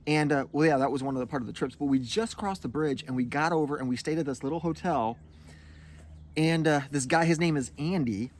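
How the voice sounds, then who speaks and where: A man co-hosting a relaxed couples' chat at home, rambling and hesitant, with plenty of fillers. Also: a little high, brisk, slight background noise. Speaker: co-host of a couples' video. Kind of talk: casual chat.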